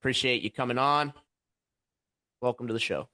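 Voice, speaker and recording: A man's voice: medium pitch, moderate pace, bright, forceful tone, no echo. A man hosting a livestream debate, arguing earnestly and pushing back at his guest. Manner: argumentative, earnest, pushes back. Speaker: host.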